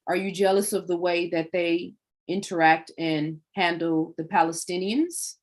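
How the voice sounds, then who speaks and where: A woman with a fairly low voice hosts a livestream and speaks straight to her viewers at a measured pace. She preaches in long runs of rhetorical questions.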